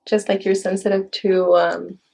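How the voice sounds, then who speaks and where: A woman's voice: medium pitch, little pitch movement, moderate pace, creaky, mellow. A woman in a casual conversation who teases and laughs often, talking about her spiritual healing work.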